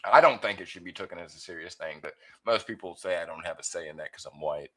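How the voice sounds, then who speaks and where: A man's voice: sits low, fast talker. A young man on a casual voice-call panel, rambling and laughing at his own jokes. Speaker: panel guest. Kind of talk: casual chat.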